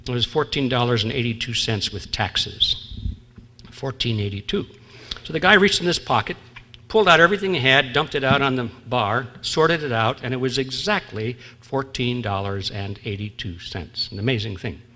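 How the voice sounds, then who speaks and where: A man's voice: mid-range voice, bright, forceful tone. A man giving a humorous lecture, wry, chuckling at his own jokes and drawing out his punchlines. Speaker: conference speaker. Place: large historic theatre. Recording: long reverb in theatre hall.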